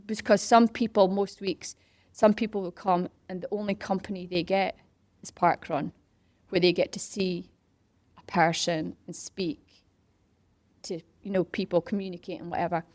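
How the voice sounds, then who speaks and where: A middle-aged woman being interviewed, telling a story in a lively, casual way, acting out what other people said and dropping into whispers. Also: on the low side, normal speed, no echo. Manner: animated, acts out quoted voices and whispers for effect. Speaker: interview guest, parkrun organiser.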